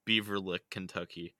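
A man with a very low yet bright, forward voice co-hosts a casual podcast. He reads out a list between bursts of laughter and swears offhandedly. The recording is dry and close. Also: no room sound. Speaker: podcast co-host.

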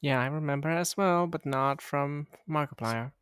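A man, a native German speaker, co-hosting a podcast in casual chat with a blunt, deadpan manner. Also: on the high side, normal speed, clear, resonant tone, no room sound, clean studio sound. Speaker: podcast co-host. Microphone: remote call microphone.

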